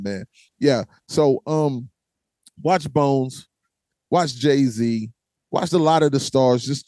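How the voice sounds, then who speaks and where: A man hosting a fan Q&A, telling lively stories about his band's tours in a casual way, often calling people "man" and acting out voices and chants. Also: mid-range voice, no echo. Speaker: host answering fan questions; former vocalist of a metal band. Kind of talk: casual storytelling Q&A.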